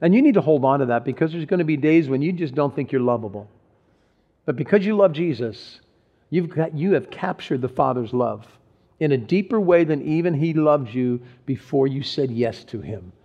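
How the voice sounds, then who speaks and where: A man's voice: on the high side, expressive, moderate pace. Earnest male pastor in dull lo-fi audio. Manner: earnest, conversational preaching with frequent restarts. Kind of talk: sermon. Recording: dull lo-fi sound.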